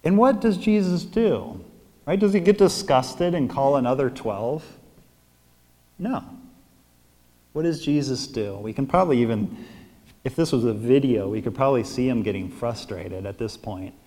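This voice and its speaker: A man's voice: mid-range voice, expressive, normal speed, darkish tone. A man preaching a sermon at mass in a conversational style, often checking in with his listeners by asking "right?". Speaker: priest. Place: church. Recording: long church reverb.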